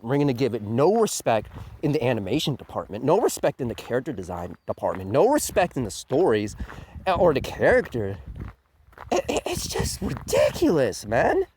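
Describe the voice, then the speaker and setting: With slight background noise behind him, a man with a mid-range voice plays an anime reviewer delivering ranting countdown commentary. He's crude and mocking, swearing frequently and sneering at fans.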